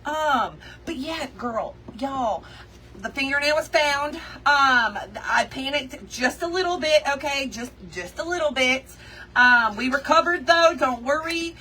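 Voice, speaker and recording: A woman hosting a craft livestream, telling a story to her viewers in an animated, chatty way and calling them y'all and girl. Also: sits high, measured pace, recorded from a distance. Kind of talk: casual storytelling chat with viewers.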